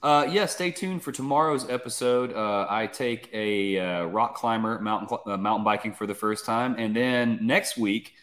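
A man's voice: on the low side, moderate pace, hardly any pauses, fairly bright tone. A man guesting on a podcast, telling brash, joking stories and swearing freely. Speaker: guest, mountain bike video creator. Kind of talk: casual chat.

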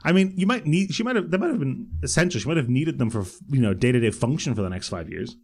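A man co-hosting a casual podcast, talking quickly at a middling pitch. He slips in dry, wry jokes and offhand asides. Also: lively intonation, breathy edge. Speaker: podcast co-host. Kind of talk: casual chat.

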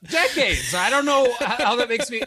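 A young man co-hosting a podcast who chats casually in an animated, teasing way and laughs often. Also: very high voice, a little fast, crowd noise. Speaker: podcast co-host. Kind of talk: casual chat.

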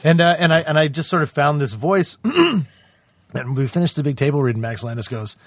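A man in his forties, a guest actor in a casual podcast chat, telling animated stories and acting out quotes in other voices. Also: on the high side, fairly quick, dry recording.

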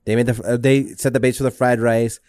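A young man co-hosting a casual podcast chat, telling stories with deadpan jokes. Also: mid-range voice, fairly quick, no room sound. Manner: easygoing storyteller, deadpan jokes. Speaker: podcast co-host.

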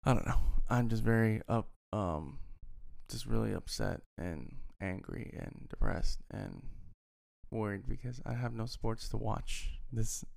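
A man's voice: fairly low pitch, a little slow, creaky, darkish tone. A man in a casual, profane rant as an upset sports fan, talking heatedly and repeating himself. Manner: heated, profane, repetitive ranting.

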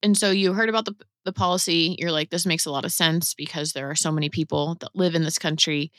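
A woman's voice: deep voice, fairly even intonation, fast talker, a bit bright, no echo, studio quality. A woman interviewer asking conversational questions and paraphrasing her guest's view back to him.

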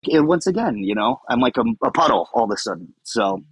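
A man with a husky voice and lively, swinging intonation talks in a candid interview. He rambles and turns self-deprecating, audibly emotional, in a dry, close sound. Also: lowish voice, brisk, no echo. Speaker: podcast guest.

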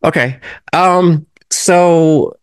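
A man's voice: on the high side, very slow, clear, resonant tone, no room sound, clean studio sound. A man co-hosting a casual podcast, speaking hesitantly with many restarts and fillers. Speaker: podcast co-host.

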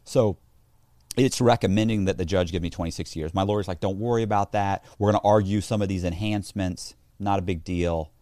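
A man's voice: sits low, brisk, dry recording. A man telling a story in a casual interview, acting out the voices of the people he quotes. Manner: animated, acts out quoted voices. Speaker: interview guest.

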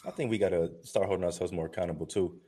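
A man's voice: sits low, racing, dark tone. A man co-hosting a casual talk, speaking earnestly and acting out quoted conversations. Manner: earnest, tells stories with quoted dialogue. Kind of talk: casual chat.

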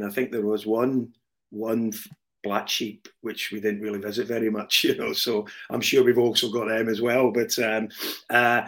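A man with a Glaswegian Scottish accent tinged with English, a podcast guest talking in a hesitant, self-deprecating way, full of ums and restarts. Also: fairly low pitch. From Glasgow, Scotland. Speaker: supporters club member, podcast guest. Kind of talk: casual podcast chat.

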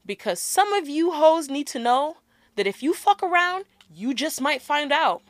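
A woman in her twenties co-hosts a podcast, chatting candidly and casually before turning sassy and fiery. Her high voice has a sing-song quality and moderate pace, and the recording is dry.

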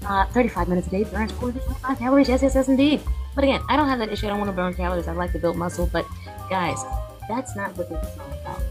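A woman's voice: medium pitch, racing, music in the background. A woman hosting a podcast in casual, rambling chat, full of fillers and asides. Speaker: podcast host.

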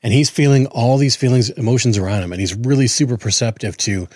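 A man's voice: medium pitch, quick pace, a little mellow, no echo. A man in his forties co-hosting a podcast, chatting earnestly and often restarting his words. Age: 40s. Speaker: podcast co-host. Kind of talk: casual chat.

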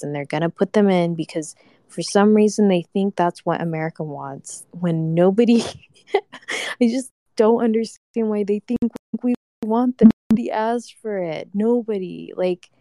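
Low, mellow-voiced woman ranting casually. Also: a little slow, no echo, clean studio sound. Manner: ranting, profane, many fillers. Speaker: reality show commentator. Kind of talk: casual live reaction chat.

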